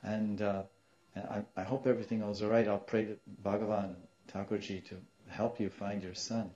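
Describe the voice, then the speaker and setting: Brief: a gentle, cordial old guru, as a man puts him on, low and steady, dull lo-fi sound. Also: moderate pace, natural voice. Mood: calm reassuring. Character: calm, compassionate older male guru.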